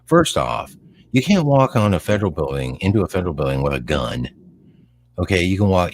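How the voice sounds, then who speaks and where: Deep-voiced rambling man chatting. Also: slight background noise. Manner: rambling, animated, lots of fillers. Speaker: podcast co-host. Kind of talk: casual conversational chat.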